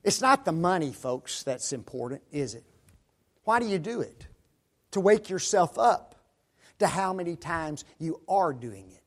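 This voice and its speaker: High-voiced man preaching a sermon. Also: sing-song, unhurried. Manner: rhetorical questions, addresses listeners as folks.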